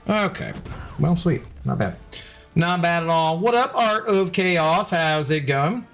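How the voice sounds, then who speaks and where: A man's voice: fairly high pitch, big pitch swings, a little slow, a bit bright, faint music behind. Rambling, chatty male game streamer. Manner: rambling and chatty, reads chat messages aloud and greets viewers. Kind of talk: casual live-stream commentary.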